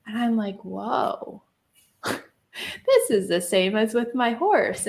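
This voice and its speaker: A woman telling a personal story in a casual interview, chatty, laughing often and using lots of fillers. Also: mid-range voice. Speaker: guest.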